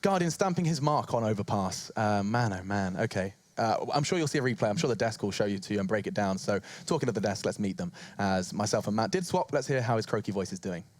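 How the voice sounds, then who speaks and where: Excitable male esports caster. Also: fast talker, hardly any pauses, no echo. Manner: shouts and strains high in big moments, then easy banter. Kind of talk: excited play-by-play commentary.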